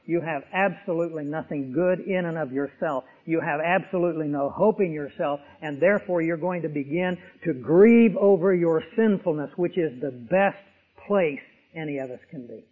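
A man preaching an expository sermon, emphatic, with vivid illustrations. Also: fairly high pitch. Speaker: pastor. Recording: tinny radio broadcast with long reverb.

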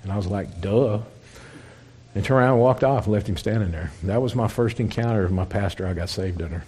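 A man's voice: fairly low pitch, fast talker, a little mellow, husky. A man, a former biker, telling his testimony in a folksy, plainspoken way and acting out the dialogue. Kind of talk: storytelling testimony.

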